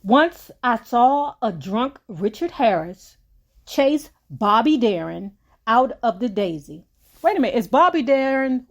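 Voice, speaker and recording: A woman's voice: a little high, big pitch swings, measured pace, highs cut off. A woman, reading a book aloud on her channel and breaking off for casual, chatty commentary. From United States.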